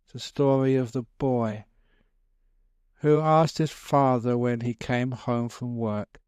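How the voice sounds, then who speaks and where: A Buddhist monk gives a light, joking talk to a gathered audience, mixing asides and chuckles into his teaching. His voice is smooth and clear at a middle pitch, recorded dry and close with almost no room sound. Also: steady tone, slow, darkish tone, no room sound. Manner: jokey, chuckling, conversational. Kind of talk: humorous storytelling dharma talk.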